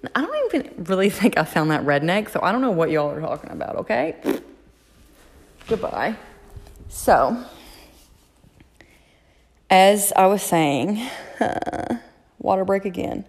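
A woman's voice: medium pitch, sing-song, unhurried, pauses often, slightly rough, big-room sound. A woman hosting a casual solo podcast, giving blunt, profane, frank advice. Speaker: podcast host.

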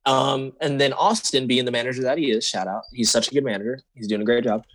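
A man's voice: medium pitch, fast talker, slight background noise. A young man co-hosting a podcast, telling a work story in casual chat and acting out the voices of the people in it. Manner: animated, acts out quoted voices. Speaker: podcast co-host.

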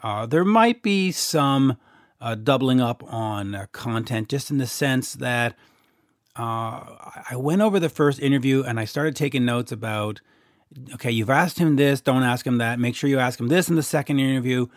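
A man's voice: mid-range voice, normal speed, dry recording, clean studio sound. Rambling Canadian man hosting a podcast. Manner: rambling and jokey, with many fillers and restarts. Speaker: podcast host. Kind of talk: casual solo podcast talk.

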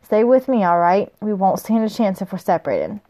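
A woman's voice: medium pitch, animated, moderate pace, mellow, close to an everyday voice. A woman reading the lines of an earnest, protective young male fighter in her plain voice.

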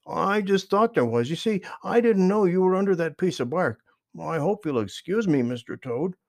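Jimmy Skunk, a man doing a high, cheeky skunk. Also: animated, normal speed, darkish tone, no room sound. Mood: polite. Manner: bouncy sing-song rhymes, then eager polite excuses. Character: cheerful, cheeky young male skunk.

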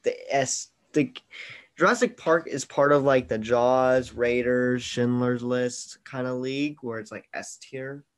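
A man's voice: medium pitch, fairly even intonation, unhurried. A man hosting a casual movie-review podcast over an online call, opinionated and teasing, with mock exasperation. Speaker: podcast host.

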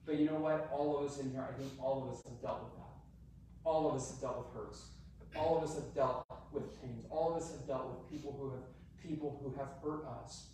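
A man's voice: medium pitch, steady tone, fairly quick, a little mellow, slight background noise. A male pastor preaching an earnest sermon, often repeating and restarting his phrases. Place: church sanctuary. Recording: echoey hall from a distant mic.

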